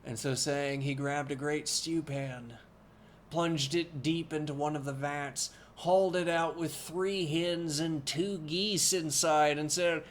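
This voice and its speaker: A man reading a classic novel aloud as a bedtime story on a live stream, unhurried and deliberate, with wry asides. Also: a little high, fairly even intonation, a little hiss or hum.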